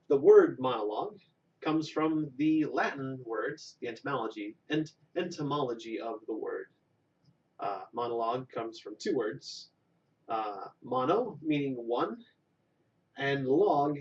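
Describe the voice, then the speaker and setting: Rambling young man doing a mock-serious monologue. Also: mid-range voice. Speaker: host. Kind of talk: deadpan comic monologue. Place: home room with a green screen. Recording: dull lo-fi sound from a distant mic.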